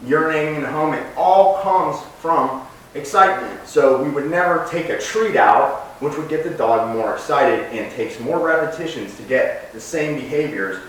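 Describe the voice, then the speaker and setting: A man who trains dogs, explaining his methods and giving short, sharp commands to the dog as he works. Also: on the high side, lively intonation, normal speed. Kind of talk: instructional commentary while training. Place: home training space with dogs. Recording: very echoey room, distant mic, faint noise.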